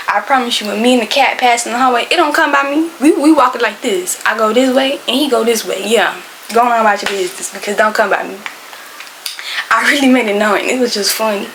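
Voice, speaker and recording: A young adult woman telling a storytime tale in casual slangy speech, loud and animated, acting out what people said. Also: a little high, slight background noise, low-quality recording. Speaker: storytime vlogger.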